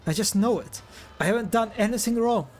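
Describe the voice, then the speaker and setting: A man voicing a frightened lowborn laundry woman who pleads and stammers, reading game dialogue aloud on a live stream. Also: fairly quick, soft background music, natural voice. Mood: pleading.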